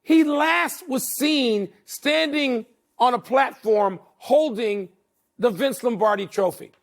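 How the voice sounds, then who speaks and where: An older man co-hosting a sports talk show, arguing emphatically and slowing down to hammer his points. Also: very high voice, vocal fry. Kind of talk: heated sports debate.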